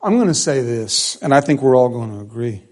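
A man preaching a sermon as pastor, repeating phrases and swinging between loud emphasis and hushed speech. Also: medium pitch, big pitch swings, brisk.

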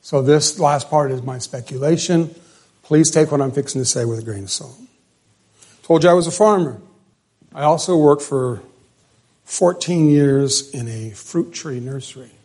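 A man preaching a sermon, stressing words hard and then dropping to quiet lines. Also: on the high side, normal speed. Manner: emphatic, swings between loud stresses and quiet drops.

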